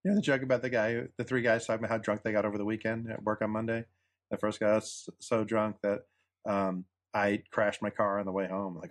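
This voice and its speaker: A man's voice: lowish voice, level tone, fairly quick. A man co-hosting a podcast, from New York, telling jokes in casual chat and acting out the voices. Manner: dry storyteller, acts out joke voices. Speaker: podcast co-host.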